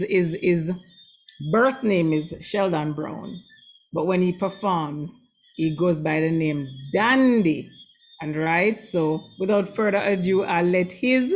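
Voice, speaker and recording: A woman's voice: on the low side, slow. A woman hosting an online school concert, thanking performers and introducing the next act in a gracious, chatty way. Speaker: concert host.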